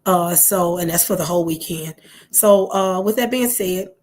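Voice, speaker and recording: A hoarse woman, talking casually to her viewers, rambling with fillers and correcting herself as she goes. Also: lowish voice, moderate pace, darkish tone. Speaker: channel host.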